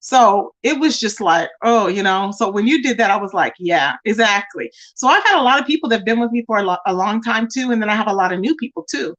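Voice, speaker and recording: A woman hosting a live stream, chatting casually with viewers and mocking a rival in an animated way. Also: mid-range voice, fast, few pauses. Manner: animated and mocking, addressing chat as y'all. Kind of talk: casual gossip commentary.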